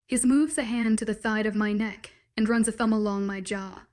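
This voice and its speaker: A woman narrating a first-person romance story in a steady, soft-spoken way. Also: medium pitch, moderate pace.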